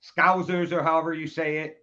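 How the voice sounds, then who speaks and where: A man with a high voice chats casually on a podcast, relaxed and curious as he asks questions. The recording sounds dull and lo-fi. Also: brisk. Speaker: podcast co-host. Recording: dull lo-fi audio.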